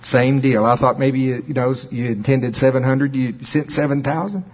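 An older man preaching, telling a story with lively quoted dialogue, his voice jumping high when he acts out phone calls. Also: moderate pace, highs cut off. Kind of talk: sermon storytelling.

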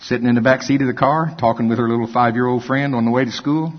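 An older man preaching a sermon, reading scripture and breaking into animated, folksy asides. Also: mid-range voice, fast. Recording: dull lo-fi with long hall reverb.

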